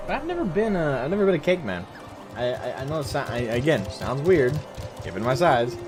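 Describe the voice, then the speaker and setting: A man's voice: medium pitch, big pitch swings, brisk, over music. A man streaming a game live, chatting casually and rambling to his viewers.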